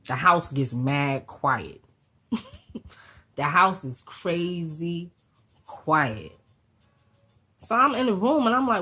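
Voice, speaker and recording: A woman with a low, husky voice tells a storytime on her vlog. She talks in an animated, slangy way and swears freely. She slips into the voices of the people in her story as she goes. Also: slow, long pauses. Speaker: vlogger.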